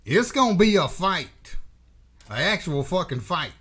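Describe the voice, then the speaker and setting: A man's voice: sits high, big pitch swings, measured pace, fairly bright tone, slightly rough. A man hosting a boxing commentary channel, delivering a blunt, profane, emphatic opinion rant.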